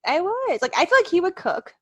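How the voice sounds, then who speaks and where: A woman's voice: very high-pitched, sing-song, brisk, no echo. A woman co-hosting a podcast in casual chat, playful and cheeky, laughing often. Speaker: podcast co-host.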